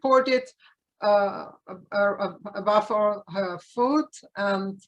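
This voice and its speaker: A woman from Austria, a horse owner, speaking in a hesitant and halting way with many restarts. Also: mid-range voice.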